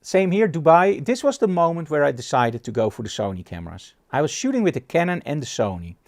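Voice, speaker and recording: A man's voice: a little high, fast. A middle-aged man from the Netherlands, teaching a photography class and acting out little dialogues as he tells stories. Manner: animated storyteller, acts out dialogue. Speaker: photography instructor.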